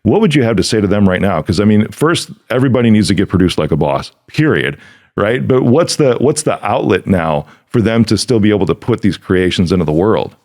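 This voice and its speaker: A man's voice: fairly low pitch, lively intonation, a little fast, darkish tone. A man hosting a podcast interview, chatting casually and enthusiastically into a studio mic, with loose restarts. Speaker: podcast host. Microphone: studio dynamic mic.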